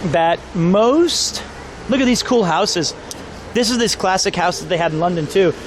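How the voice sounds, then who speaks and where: A man talks to his stream chat as he walks outdoors, his voice sitting a bit high. He rambles, cracks jokes and chats to passers-by. Faint traffic and street sounds run underneath. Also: animated, normal speed. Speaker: IRL streamer. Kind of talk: casual live-stream chat while walking.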